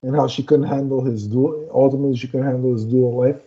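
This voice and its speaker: A man's voice: mid-range voice, fairly even intonation, fast, warm tone. A man co-hosting a casual chat podcast, retelling film scenes and acting out the characters' lines. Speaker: podcast co-host. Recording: dull lo-fi audio.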